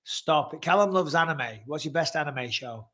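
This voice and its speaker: Host in his forties, joking and teasing, a little high-pitched voice, casual live chat. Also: animated, moderate pace, a bit bright. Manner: joking, teasing, swears freely. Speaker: podcast host.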